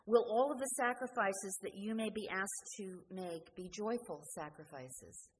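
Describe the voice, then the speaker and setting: A woman's voice: mid-range voice, measured pace. Woman preaching in a reverberant church. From New Jersey. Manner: earnest, questioning, dropping to quiet endings. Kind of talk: sermon. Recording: church hall reverb, faint noise.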